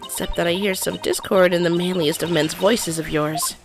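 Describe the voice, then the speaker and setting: A woman's voice: lowish voice, fairly even intonation, moderate pace, over music, natural voice. A woman reading the lines of a young female lawyer in a game, upbeat and direct. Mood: determined. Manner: reading game dialogue aloud.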